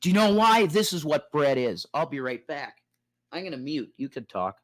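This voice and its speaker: A man's voice: a little high, sing-song, normal speed, no room sound. A man ranting theatrically and preachily on a livestream about spiritual matters. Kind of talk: rambling livestream rant.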